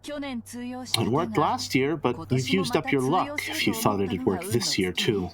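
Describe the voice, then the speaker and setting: A man voicing a sharp-tongued scheming middle-aged woman in a visual novel read-through, needling and mocking, his voice leaping up high. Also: sing-song, takes it slowly. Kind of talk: dramatic reading of a visual novel. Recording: music playing behind.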